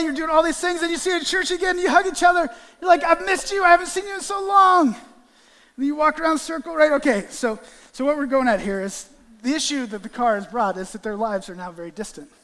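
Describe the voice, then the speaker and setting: A man preaching a sermon and acting out a lively illustration with volunteers on stage, calling out playful greetings. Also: extremely high pitch, in a large hall. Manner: animated, acts out greetings with volunteers. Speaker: guest preacher. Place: church sanctuary.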